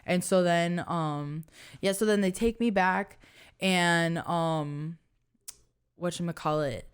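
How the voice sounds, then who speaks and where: A woman's voice: slow pace, smooth. A young woman co-hosting a podcast, telling a personal story in casual chat with lots of fillers and an earnest tone. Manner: earnest, many fillers, soft low-voiced reliving of fear. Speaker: podcast co-host.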